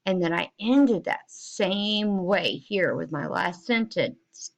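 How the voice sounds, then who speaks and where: A middle-aged woman teaching a reading fluency lesson to children in a slow, deliberate, expressive way. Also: lowish voice, low-quality recording. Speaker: elementary school teacher.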